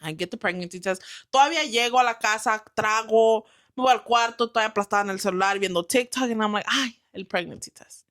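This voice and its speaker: A woman's voice: a little high, very fast, few pauses, fairly bright tone. Young woman guest, casual storyteller, salty, acts out quotes. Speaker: guest, new mother. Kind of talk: casual chat.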